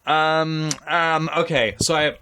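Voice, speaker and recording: A man's voice: fairly high pitch, steady tone, takes it slowly, pushed and bright, a little hiss or hum. A young man co-hosting a casual chat, rambling through a story with restarts and fillers. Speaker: podcast co-host.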